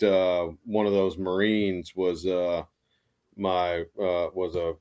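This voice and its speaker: An Army veteran from the United States, he has a deep, darkish voice. His casual storytelling wanders, full of fillers and frequent restarts.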